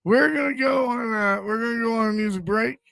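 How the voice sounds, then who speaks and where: Male radio host, high and bright, quick restarts, dry studio sound. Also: gravelly, no echo. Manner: animated, stammering restarts. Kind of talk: casual radio banter.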